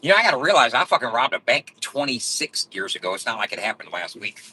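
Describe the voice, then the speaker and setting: A man's voice: medium pitch, sing-song, quick pace, bright, forceful tone, breathy edge, poor audio. A man in his forties telling rambling, profane stories in a blunt way. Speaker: vlogger.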